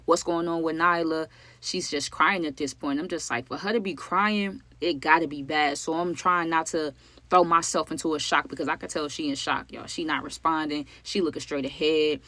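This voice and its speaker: A vlogger narrates a true story casually, addressing viewers directly as "y'all" and peppering it with "like" and "you know what I'm saying." The voice is medium-pitched, fairly even in intonation, and delivered at a normal speed with a pushed, bright quality. There's no room sound.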